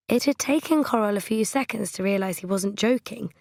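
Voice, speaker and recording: A woman narrates a novel in a measured, gently wry way. Her voice sits at a middle pitch. The recording is dry, with no room sound. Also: gravelly, no echo. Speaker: audiobook narrator. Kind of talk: scripted narration.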